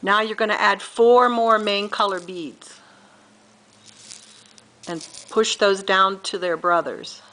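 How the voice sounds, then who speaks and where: Slow, patient woman teaching beadwork. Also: medium pitch, steady tone, pushed and bright, low-quality recording. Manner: slow, patient, counts beads aloud, corrects herself. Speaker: beading instructor. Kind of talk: step-by-step craft tutorial.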